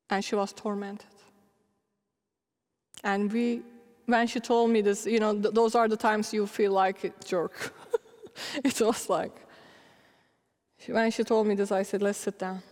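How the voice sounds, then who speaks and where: A middle-aged woman preacher telling animated, laughing stories in a sermon. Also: fairly high pitch. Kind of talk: storytelling sermon. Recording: long hall reverb.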